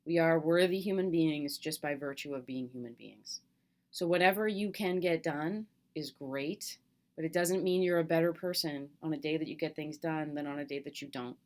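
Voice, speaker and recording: A middle-aged woman teacher recording a video message to her students at home, speaking gently and candidly with a reassuring manner and some fillers. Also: low-pitched. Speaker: college teacher. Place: home, at kitchen table.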